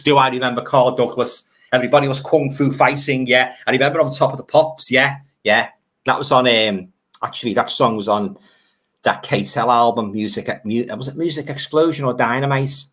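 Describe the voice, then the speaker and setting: A man's voice: mid-range voice, a bit bright. An older man, hosting a live stream in a chatty, nostalgic way, reading out viewer comments and laughing easily.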